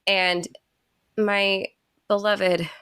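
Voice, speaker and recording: A woman in her thirties with a stuffy, plugged-nose sound from a cold, mid-pitched and chatty. She tells stories to her co-host in a dry, close recording. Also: level tone, extremely slow, bright, forceful tone, clean tone, no room sound. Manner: chatty, laughing storyteller. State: sick with a cold. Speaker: podcast co-host. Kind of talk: casual chat.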